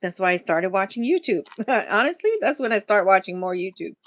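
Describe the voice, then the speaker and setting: A chatty woman hosts a relaxed live stream, laughing often and rambling from one thought to the next. She talks straight to her viewers between sips of coffee, in a mid-range voice. The sound is dry and close, with no room around it. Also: medium pitch, fairly quick, dry recording. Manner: talks to viewers directly while sipping coffee. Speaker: food vlogger hosting a live chat. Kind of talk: casual live-stream chat.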